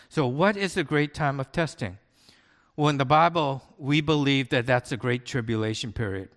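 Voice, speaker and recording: A man's voice: mid-range voice, normal speed, a bit bright. A male pastor preaching a sermon in a conversational storytelling manner, often checking in with listeners. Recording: long hall reverb.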